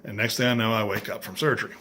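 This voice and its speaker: This middle-aged vlogger races through a story in a lowish voice, keeping it casual and animated. His humor is dry and self-mocking, and he acts out what others said.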